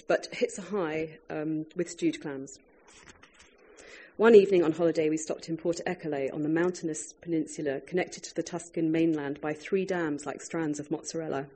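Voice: mid-range voice, mellow, slightly rough. An author reading their own food writing aloud to a live audience, wry and breaking off now and then for chatty asides.

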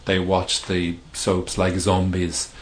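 Man, middle-aged, very low voice, reflective interview talk, halting restarts, faint background hum. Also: monotone. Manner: thoughtful, hesitant, many restarts and fillers. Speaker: author being interviewed.

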